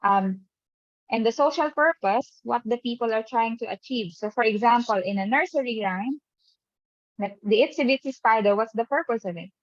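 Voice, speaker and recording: A woman's voice: a little high, moderate pace, no echo. A woman teacher running an online lesson who keeps checking in with the class by asking "right?". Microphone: webcam mic on a video call. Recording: dull, dry video-call audio.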